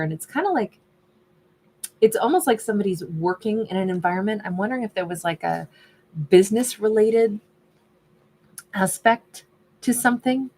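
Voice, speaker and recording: A woman's voice: medium pitch, a little mellow, husky. A woman doing a casual tarot reading who thinks aloud and is losing her voice. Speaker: tarot reader.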